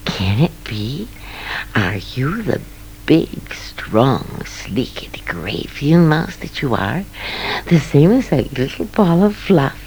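Woman as an earnest young hunter: soft, low, hesitant, slow. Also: sing-song, slight background noise, exaggerated voice, rough recording. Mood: awed. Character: earnest young male hunter, humble and gentle.

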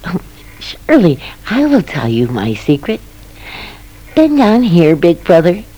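A woman voicing a small, cheerful male field mouse who squeaks and stammers eagerly. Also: huge pitch swings, a little slow, dark tone, slightly rough, exaggerated voice, low-quality recording. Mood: friendly.

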